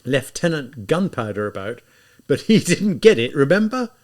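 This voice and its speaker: A man's voice: mid-range voice, sing-song, moderate pace, lightly acted. A man reading aloud, voicing a feverish, mocking young man who taunts and teases in an audiobook. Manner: teasing, taunting, sly. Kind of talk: audiobook character voice.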